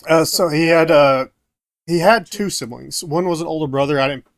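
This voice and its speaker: A man's voice: on the high side, normal speed, no room sound, clean studio sound. A man co-hosting a casual podcast, walking through his research notes with frequent fillers and self-corrections. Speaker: podcast co-host presenting research.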